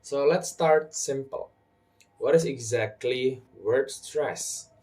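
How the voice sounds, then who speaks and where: Slow, deliberate young male tutor. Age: young adult. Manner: slow and deliberate, stresses example words loudly and high. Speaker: English pronunciation tutor. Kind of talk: scripted lesson.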